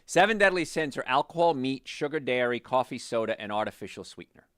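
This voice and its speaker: Speaking at a quick pace, this doctor hosts a health talk show recorded in studio quality with no echo. He casually and animatedly tells stories about patients, quoting them in a lower voice.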